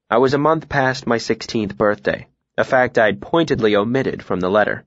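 A man reading a first-person novel aloud in a calm, even, reflective way. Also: mid-range voice, moderate pace, hardly any pauses, dry recording, dull audio. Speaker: audiobook narrator.

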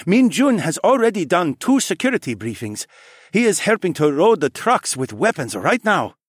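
Brief: excitable young brother, raised lively tone, formal teasing phrasing, as a male narrator puts him on. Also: high-pitched, moderate pace, breathy edge, no room sound, clean studio sound, pitched above the performer's own voice, full character voice. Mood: eager. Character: eager youngest brother, bossy and cheerful.

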